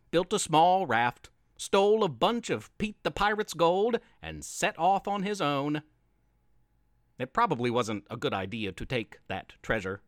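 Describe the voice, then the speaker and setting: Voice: medium pitch, dry recording, studio quality. A storyteller host reading a playful scripted children's story aloud. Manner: playful, expressive read-aloud.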